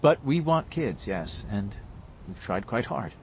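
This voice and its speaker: A man voicing a middle-aged writer who speaks in a subdued, measured way, in a dull lo-fi audiobook recording. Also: lowish voice, very animated, slight background noise.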